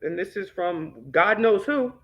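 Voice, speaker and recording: In a dull lo-fi recording, a high-pitched, animated male voice, a bit bright and a little slow, reads through documents. He's an independent news vlogger whose commentary is sarcastic and outraged, full of frequent cursing.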